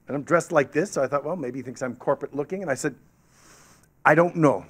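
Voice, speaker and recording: A guest speaker with a slightly high voice and fairly quick delivery tells an animated story to a club audience in a meeting hall, acting out the voices he quotes through a podium microphone.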